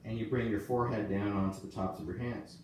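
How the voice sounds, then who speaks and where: Leading a relaxed live-streamed yoga class, a man speaks quickly in a low-ish, steady, darkish voice. He cues poses chattily, jokes at his own expense, and laughs often. Faint noise, a distant mic, and an echoey room mark the recording.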